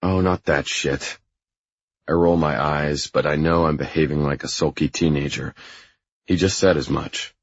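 A man narrating a first-person audiobook in a low, intimate, even reading style. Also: moderate pace, husky, no room sound, dull audio.

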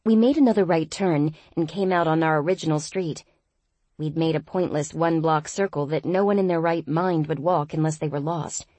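A woman reads a first-person audiobook with a wry, lightly humorous touch. Her voice is low, and the recording is dry and close, with no room echo. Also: moderate pace, dark tone. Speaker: audiobook narrator.

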